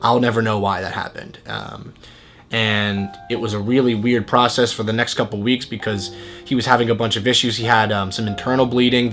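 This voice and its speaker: A man's voice: on the low side, a bit bright. A man earnestly telling a personal story in a casual, conversational way, acting out what people said. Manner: earnest, conversational, acts out quoted dialogue.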